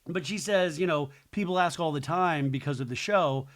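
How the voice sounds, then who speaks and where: A man's voice: fairly high pitch, moderate pace. A man hosting a podcast, chatting casually through a reality TV recap with opinionated asides. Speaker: podcast host.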